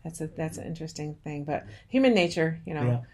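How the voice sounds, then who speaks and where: Supportive woman with a lowish voice. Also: animated, a little fast, a little mellow, slight background noise. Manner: encouraging, frequent affirmations. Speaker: hearing care professional. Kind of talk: casual interview.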